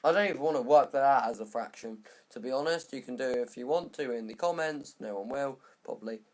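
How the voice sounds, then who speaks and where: A man's voice: mid-range voice, fast, a little mellow. A young man casually recapping the week's football news in a vlog. He rambles and jokes, often correcting himself mid-sentence. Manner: rambling, jokey, self-correcting.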